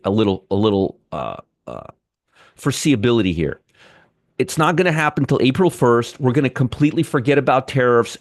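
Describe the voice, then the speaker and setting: A man's voice: mid-range voice, no room sound, studio quality. Chatty man hosting a live trading stream. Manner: chatty, answers viewers by name, frequent restarts. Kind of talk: casual live-stream market commentary.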